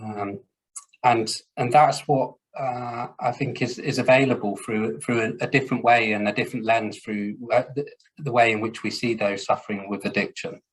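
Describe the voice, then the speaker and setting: A man, a social worker, speaking in a measured and thoughtful way in a webinar discussion over a video call, pausing on "uh" and "um". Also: medium pitch, fairly even intonation, husky, poor audio.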